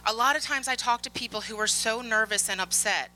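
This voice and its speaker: A woman giving a conference keynote, telling work stories in a lively way, acting out the dialogue and laughing often. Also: a little high, a little fast, faint music behind, poor audio. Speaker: conference speaker on security. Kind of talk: keynote storytelling. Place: conference stage.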